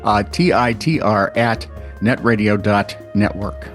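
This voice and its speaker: A man's voice: fairly low pitch, measured pace, music in the background. An older man co-hosting a comedy news show who rambles, loses his place and mocks himself as he fumbles words. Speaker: co-host.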